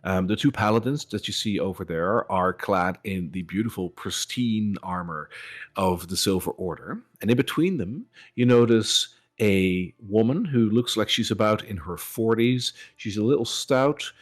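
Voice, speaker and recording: A man from the Netherlands, narrating a tabletop game as game master in a relaxed way with many fillers. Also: low-pitched, unhurried.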